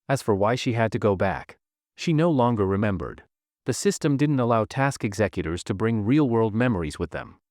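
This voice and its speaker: A man's voice: on the low side, darkish tone, no echo, studio quality. A man narrating a recap of a web comic in a dramatic storytelling manner.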